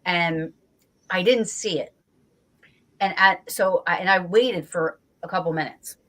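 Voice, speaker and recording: A woman from New Jersey with a slightly low voice tells a story as a guest in a casual interview. She is animated and swears freely, acting out her own reactions as she goes. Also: measured pace. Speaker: guest investigator.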